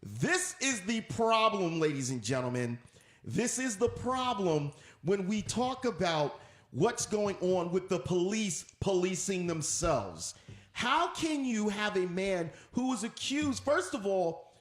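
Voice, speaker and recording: Man, radio host, opinionated rant, emphatic, somewhat high voice, roomy echo. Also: sing-song, unhurried. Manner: emphatic, preachy, repeats points for effect.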